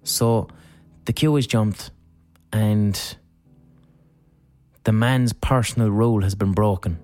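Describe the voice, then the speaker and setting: A man hosts his podcast in a lowish, unhurried speaking voice. He talks frankly and casually, and swears freely. Faint music plays quietly behind him. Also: steady tone. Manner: frank, profane, conversational. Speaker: podcast host. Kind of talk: reflective solo talk.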